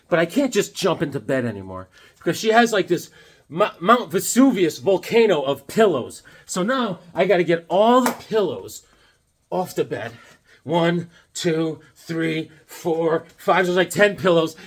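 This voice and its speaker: A man in his fifties talking casually about comic books, rambling and joking with lots of filler words. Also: a little high. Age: 50s. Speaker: comic book vlogger. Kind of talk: casual comic review vlog.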